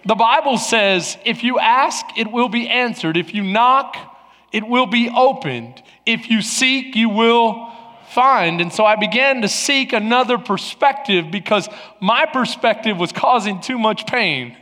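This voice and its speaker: A man's voice: very high voice, animated, a little slow, sharp tone. A middle-aged male pastor preaching a sermon, telling a personal story with emotional restarts and laughter. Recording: long hall reverb.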